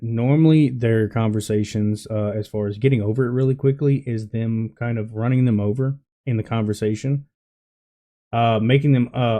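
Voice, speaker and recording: A man's voice: mid-range voice, mellow. A man giving casual reaction commentary on a clip, blunt and scornful, swearing freely.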